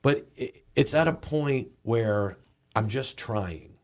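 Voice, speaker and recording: A male comedian with a Southern accent telling a story casually, with lively halting restarts. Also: medium pitch. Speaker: comedian and guest.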